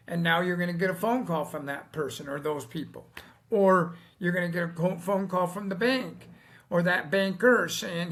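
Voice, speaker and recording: A man's voice: a little high, unhurried, fairly bright tone. A man who founded a business funding company, giving plain-spoken, folksy advice in a casual video monologue, acting out what bankers and clients say and sounding a little tired. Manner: plain-spoken, mild cursing. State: tired, yawning.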